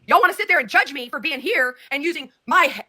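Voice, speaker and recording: A woman talks quickly and defensively in a heated livestream argument. Her voice is bright and sharp, and she keeps hammering the same point. The sound is dry and close to the mic. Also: sits high, expressive, no room sound. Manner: defensive, insistent, repeats herself. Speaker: livestream guest.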